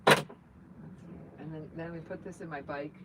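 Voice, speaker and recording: A woman's voice: deep voice, steady tone, slow, background noise. A woman hosting a casual livestream, chatting in a rambling, self-joking way as she moves around her truck outdoors, filmed on a phone. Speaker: channel host. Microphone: phone camera.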